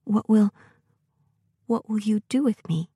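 Woman playing a scared small boy, raised pitch, trembling and breathy. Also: lively intonation, normal speed, darkish tone, no room sound, clean studio sound. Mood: frightened. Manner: pleading, shaky. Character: frightened little boy, pleading and trembling.

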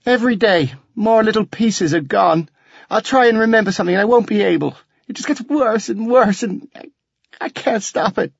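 A man voicing a distraught grieving teenage boy who mumbles in a husky voice, in an audiobook reading. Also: medium pitch, big pitch swings, unhurried, no echo. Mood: tearful. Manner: mumbling, voice cracking. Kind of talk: audiobook narration. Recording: dull lo-fi dry audio.

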